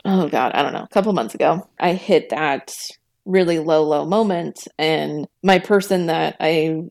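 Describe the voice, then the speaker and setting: A woman's voice: deep voice, unhurried, vocal fry, darkish tone. A young woman talking openly as a podcast guest, chatty and laughing between sentences. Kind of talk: candid personal conversation.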